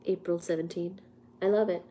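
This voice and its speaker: A woman's voice: fairly low pitch, fairly even intonation, a little fast, dark tone. A woman hosting a casual livestream while congested with a cold, chatty and laughing at herself between coughs. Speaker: livestream host.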